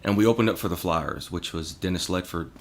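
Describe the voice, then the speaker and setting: A man's voice: low-pitched, a little fast. A man guest on a podcast, telling rambling, profane stories in casual chat. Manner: rambling, profane, animated storyteller.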